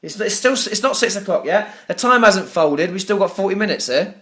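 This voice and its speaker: A man's voice: high voice, expressive, a little fast, a bit bright. A British man making an angry complaint on a phone call to customer service, ranting sarcastically, swearing and stammering over repeated words. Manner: swears often. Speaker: business owner calling customer service.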